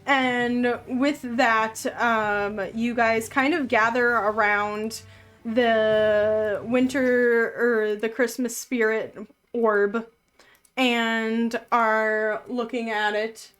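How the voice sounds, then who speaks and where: A woman who, as game master, narrates a tabletop game in an unhurried, descriptive storytelling way. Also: a little high, level tone, fairly bright tone, clear, resonant tone, faint music behind.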